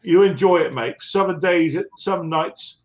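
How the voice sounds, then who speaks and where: Chummy man, high and muffled. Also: slow pace, slight background noise. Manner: chummy, calls everyone mate. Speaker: live stream host. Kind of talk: casual chat.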